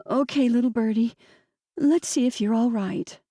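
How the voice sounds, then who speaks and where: A woman's voice: fairly even intonation, vocal fry, mellow, dry recording, clean studio sound, full character voice. A woman voicing a grieving widow in her fifties, sobbing and pleading in a raised, tearful voice. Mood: pleading softly. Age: 50s. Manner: tearful, pleading, higher and slower than the narration.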